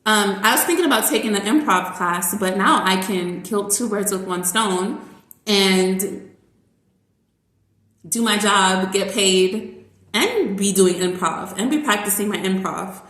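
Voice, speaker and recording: A woman who works as a teacher, talking in a casual, rambling vlog monologue full of fillers and lively asides. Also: medium pitch, unhurried. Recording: roomy echo.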